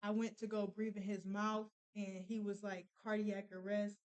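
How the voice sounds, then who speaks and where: A young woman telling a painful personal story, halting with many fillers and restarts. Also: mid-range voice, little pitch movement, darkish tone, smooth, low-quality recording. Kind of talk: casual storytelling.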